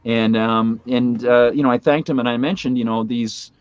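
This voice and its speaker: A man's voice: mid-range voice, steady tone, moderate pace, no echo, dull audio. A man in his forties, a guest in a casual chat, telling a long story full of fillers and asides. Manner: rambling anecdotal storytelling with many fillers.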